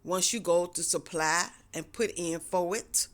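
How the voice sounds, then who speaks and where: A woman's voice: fairly low pitch, unhurried. A woman talking casually to her viewers, encouraging them to trust God, and repeating her key phrases in a preachy, conversational way. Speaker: faith vlogger.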